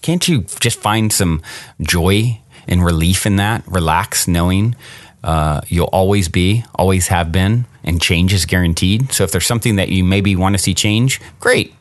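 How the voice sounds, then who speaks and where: A man's voice: sits low, unhurried, no room sound. Earnest man hosting a solo podcast. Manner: earnest, encouraging, rhetorical questions to listeners. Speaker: podcast host. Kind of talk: reflective solo podcast talk.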